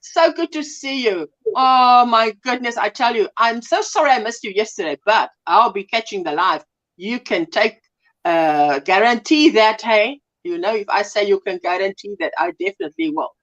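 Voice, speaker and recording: Chatting live with her crochet audience, this South African woman gushes over her viewers as she welcomes them, her pitch bouncing up and down. Her pace is moderate and the audio is dull.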